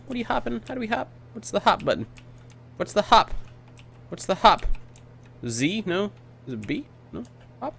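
A man giving excitable let's play commentary, whooping, joking and swearing as he plays. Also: sits high, creaky. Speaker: gamer.

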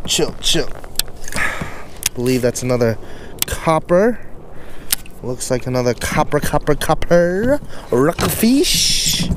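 A man talking at an unhurried, drawn-out pace, narrating his fishing out on the open ocean from a kayak. He coaxes, scolds and exclaims at the fish in a chatty, casual way, his voice caught by a camera-mounted mic with faint background noise. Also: medium pitch. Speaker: fishing vlogger. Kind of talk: casual play-by-play while fishing. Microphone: camera-mounted external mic.

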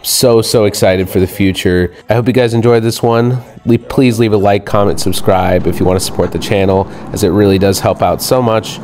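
Young male wildlife vlogger, chatty and upbeat, low register, noisy outdoor recording. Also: steady tone, a little fast, hardly any pauses. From Ohio. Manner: enthusiastic, chatty. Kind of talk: casual outdoor vlog narration. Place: outdoors in hill country at night.

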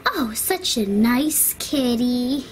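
A woman's voice: fairly high pitch, expressive, extremely slow, a little hiss or hum. A woman voicing a cheerful toddler girl in a toy-doll play video, who giggles and meows at her painting. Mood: delighted.

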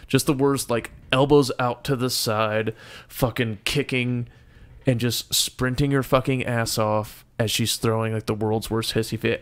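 A man's voice: medium pitch, vocal fry. A young man co-hosting a podcast, telling a story in a casual, profane way and acting out the quotes. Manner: profane, animated storyteller who acts out quotes. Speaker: podcast co-host.

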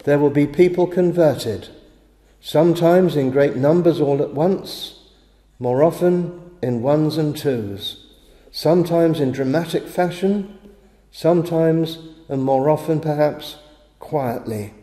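A man preaches a sermon with a slightly high but very dark, mellow voice. He speaks in measured phrases and stumbles over small words before pressing on. The chapel around him rings with a long, roomy echo. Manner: measured preaching with halting restarts. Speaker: pastor. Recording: echoey chapel with long reverb.

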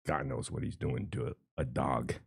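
A man's voice: very deep voice, level tone, normal speed, vocal fry, slightly rough, no room sound, clean studio sound. A man streaming his reactions to a clip, mocking and profane, laughing often. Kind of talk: casual reaction commentary.

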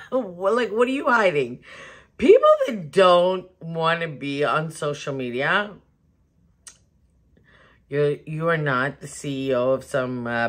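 A middle-aged woman, chatting casually to camera in an animated way, laughing often and restarting her sentences. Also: deep voice. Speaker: home decor vlogger. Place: home bedroom.

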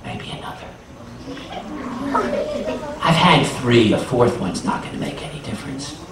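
A man telling a folk tale live to schoolchildren, animated and asking them questions, recorded from a distance. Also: measured pace, crowd noise. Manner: animated, asks the children questions, voices rise high in excitement. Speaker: storyteller and folk singer. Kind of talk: live storytelling for children. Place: school room with a child audience. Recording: echoey room from far off, noisy.

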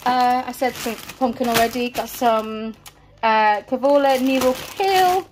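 A woman's voice: a little high, unhurried, background noise. A woman, a mother, chatting casually through a grocery haul item by item, a little out of breath. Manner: chatty, rambling item-by-item listing. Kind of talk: casual vlog chat. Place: family home, indoors.

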